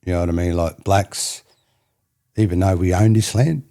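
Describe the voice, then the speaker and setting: A man's voice: deep voice, normal speed, dark tone. An Australian man telling stories as a podcast guest, rambling and repeating himself, often checking in with "you know what I mean". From New South Wales, Australia. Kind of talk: storytelling interview.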